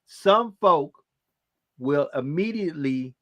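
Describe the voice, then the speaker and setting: A man's voice: on the high side, expressive, slow, fairly bright tone, no room sound, highs cut off. Affirming male talk host. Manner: affirming, often says "correct" and "right". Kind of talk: casual talk show chat.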